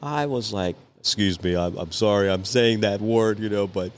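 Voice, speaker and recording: A man with a very low voice talks as a podcast guest in relaxed, casual chat. He tells a story with lots of swearing and acts out each person in it, jumping up into higher voices for the others. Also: normal speed. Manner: animated, profane storyteller acting out voices. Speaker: podcast guest, cigar company owner.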